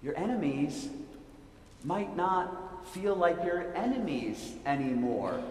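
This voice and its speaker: A man's voice: a little high, very animated, takes it slowly, a little mellow, a little hiss or hum. Guy doing a kids sermon in a big echoey church, playful, keeps asking questions. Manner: playful, asks the listeners many questions. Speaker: pastor. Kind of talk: children's sermon. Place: church sanctuary. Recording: echoey church hall with long reverb.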